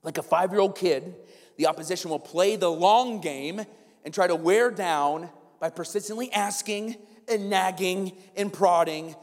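A man's voice: sits high, unhurried. A man preaching a sermon as pastor, conversational and humorous, often checking in with his listeners. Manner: humorous, conversational, keeps asking "right?". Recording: long reverb in a big hall.

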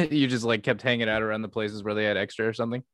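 A man's voice: fairly low pitch, quick pace, a bit bright, no room sound, studio quality. A young man co-hosting a podcast, chatting casually, laughing often and joking at his own expense. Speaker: podcast co-host. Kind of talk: casual chat.

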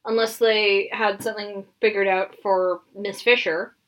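A woman's voice: medium pitch, flat delivery, a little slow. A woman co-hosting a podcast, chatting casually and animatedly, laughing often and trailing off mid-thought. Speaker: podcast co-host. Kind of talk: casual chat.

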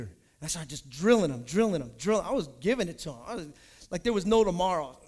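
High-voiced preaching man. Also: lively intonation, fast, breathy edge. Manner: storytelling, building to shouted preaching. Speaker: pastor. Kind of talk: sermon.

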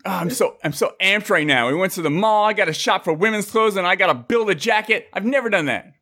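A man in his thirties hosting a casual podcast, excitable and jokey, swearing casually as he chats with guests. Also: sits high, fast. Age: 30s. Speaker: podcast host.

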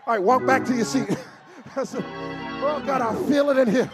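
A man preaching a sermon in a church, chanting lines in a sing-song way, rising to shouts and falling to soft murmurs as he leads the congregation. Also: extremely high pitch, normal speed, music in the background. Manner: sing-song call-and-response preaching, swells to shouts then drops to near murmurs.

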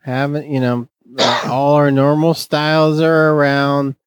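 A man's voice: on the high side, flat delivery, measured pace, smooth, no echo, poor audio. A man co-hosting a casual beer podcast, rambling with lots of fillers and slipping into jokey silly voices. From Fresno, California. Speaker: podcast co-host.

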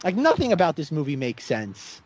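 A man chatting casually about a film, animated and sarcastic, with lots of "like". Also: fairly high pitch, moderate pace, breathy edge, highs cut off. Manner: animated, sarcastic, heavy use of "like". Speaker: podcast co-host. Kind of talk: casual film review chat.

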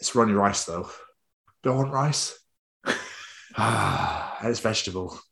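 A British man in relaxed podcast banter, whose bright, ringing voice swings widely up and down as he jokes. He swears freely and slips into quick mock voices to act out little scenes. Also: fairly low pitch, creaky. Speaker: podcast host. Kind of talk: casual banter.

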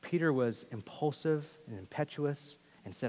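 A man preaching a sermon, earnestly shifting between hushed and forceful emphasis. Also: medium pitch, moderate pace, hardly any pauses, long reverb tail. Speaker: pastor.

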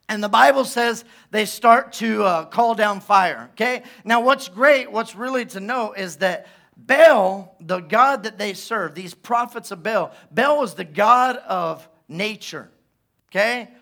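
A man preaching a sermon as pastor, retelling a story with lively asides and acted-out quotes. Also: high-pitched, unhurried, creaky.

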